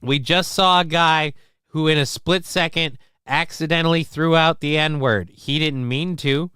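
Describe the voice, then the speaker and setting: A man's voice: fairly high pitch, fairly even intonation, unhurried, bright, forceful tone, smooth, no echo, clean studio sound. A man hosting a casual livestream, rambling crudely, reacting to clips and reading chat aloud while feeling sick. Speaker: livestream host.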